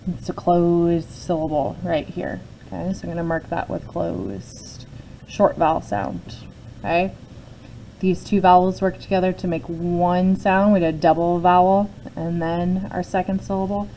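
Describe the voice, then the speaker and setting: A woman's voice: fairly low pitch, level tone, unhurried, warm tone, a little hiss or hum, rough recording. A woman teacher talking through a spelling and syllable lesson step by step, often checking in with her students. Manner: patient, explains step by step with frequent "okay?" check-ins. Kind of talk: phonics lesson, talking through a word sort.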